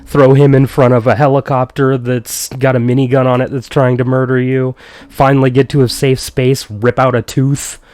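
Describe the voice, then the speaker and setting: A man's voice: medium pitch, level tone, normal speed, a little mellow, no echo. A man co-hosting a casual film review chat, recounting scenes and laughing often.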